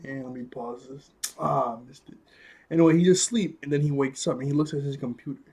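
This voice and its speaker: A man's voice: medium pitch, fairly quick, darkish tone, breathy edge. A man casually reviewing a cartoon episode, rambling and chuckling through a loose retelling full of fillers.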